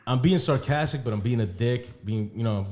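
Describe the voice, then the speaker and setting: A man's voice: mid-range voice, brisk, darkish tone. A young adult man casually telling a long personal story on a podcast, acting out both sides of a conversation with lots of profanity and laughter. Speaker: podcast co-host.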